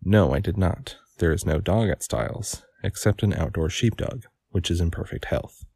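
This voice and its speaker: A man reading the lines of a calm, haughty gentleman under questioning. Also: low-pitched, normal speed, vocal fry, husky, no echo, heavily acted.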